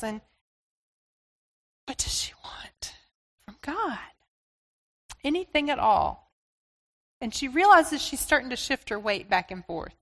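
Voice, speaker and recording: A woman preacher telling a story sermon in a deliberate, expressive storytelling manner. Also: fairly high pitch, in a large hall.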